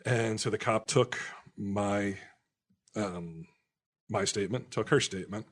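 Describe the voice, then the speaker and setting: A man co-hosting a podcast, telling a story in a casual, animated way with plenty of swearing. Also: fairly low pitch, measured pace. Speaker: podcast co-host.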